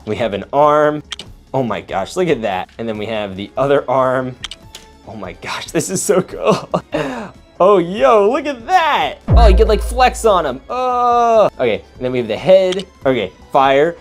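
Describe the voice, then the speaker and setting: A young man hosting a casual toy unboxing, talking in an excitable, slangy way as he reacts while building. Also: mid-range voice.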